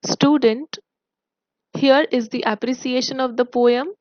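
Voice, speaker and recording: A woman teacher explaining a poem's devices to her students in a recorded online lesson, speaking in a measured, explanatory way. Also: high voice, fairly even intonation, dry recording, muffled recording. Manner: slow, explanatory, addresses students. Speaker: school English teacher.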